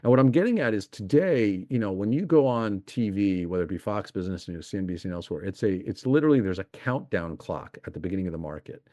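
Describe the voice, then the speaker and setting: A man's voice: deep voice, lively intonation, fast talker, few pauses, warm tone, dry recording, studio quality. A middle-aged man, an investment executive talking as a podcast guest, explaining eagerly and piling up examples. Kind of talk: podcast interview.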